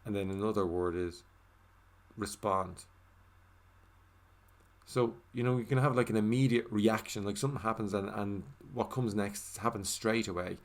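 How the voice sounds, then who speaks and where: A man with a very deep voice speaks a first-person voiceover about his meditation practice. His delivery is loose and conversational, full of "you know" and "like". He sinks into a soft murmur as he repeats the meditation phrases. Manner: casual, with many fillers like "you know" and "like". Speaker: English voiceover for a signed video.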